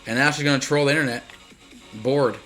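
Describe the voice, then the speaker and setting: Speaking fairly quickly with fairly even intonation, this streamer has a bright, forceful, mid-range voice as he rambles over live gameplay. Faint, soft game music sits under his chatter, and he laughs readily and pauses to reply to his viewers.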